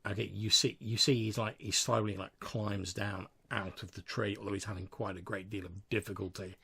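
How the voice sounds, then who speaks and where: Low, gravelly game master narrating. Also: male voice, steady tone, brisk, a bit bright. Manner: casual, descriptive, many fillers like "like".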